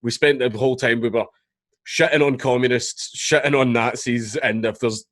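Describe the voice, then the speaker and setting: A man's voice: medium pitch, fairly even intonation, moderate pace, fairly bright tone. Casual swearing Scottish man. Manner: swearing, storytelling, laughs often. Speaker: podcast guest, comedian. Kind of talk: casual chat.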